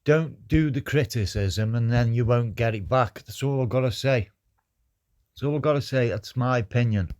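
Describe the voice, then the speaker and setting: A man's voice: mid-range voice, moderate pace, a little mellow. A man on a live stream earnestly and repetitively giving his opinion.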